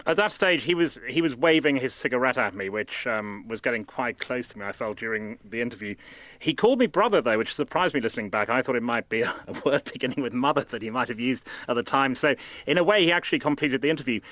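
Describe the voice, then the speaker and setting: Radio guy w a bright sharp voice, wry self-mocking story, bit hesitant. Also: mid-range voice, animated, fast talker, no echo. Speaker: radio arts presenter. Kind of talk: anecdotal radio chat.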